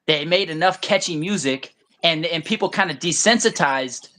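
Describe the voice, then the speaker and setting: A man's voice: on the high side, moderate pace, pushed and bright. A man in casual chat, rambling and blunt, swearing freely and breaking into silly voices to mimic people. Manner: profane, blunt.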